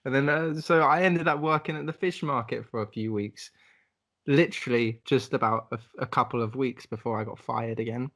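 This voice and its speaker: Young male podcast co-host, middle pitch, easygoing rambling storyteller who swears casually. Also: brisk, fairly bright tone. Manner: laid-back storytelling, swearing, acts out voices. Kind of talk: casual chat.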